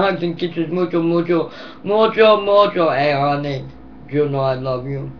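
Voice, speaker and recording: Hoarse woman rambling to her kids. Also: low voice, takes it slowly, a little hiss or hum. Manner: rambling, affectionate, teasing. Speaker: mother addressing her children. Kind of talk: casual home video message. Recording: dull lo-fi home recording.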